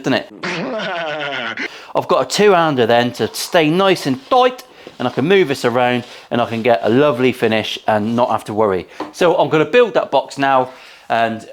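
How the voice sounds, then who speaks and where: A man's voice: mid-range voice, a little hiss or hum. A man hosting a casual workshop vlog as a luthier, talking to viewers in cheeky, sweary banter. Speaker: luthier and channel host. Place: guitar-making workshop.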